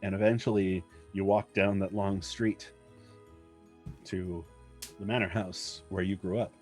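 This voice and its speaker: A man narrating as game master for a tabletop game, halting often with ums and uhs. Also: sits low, little pitch movement, darkish tone. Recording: faint music behind.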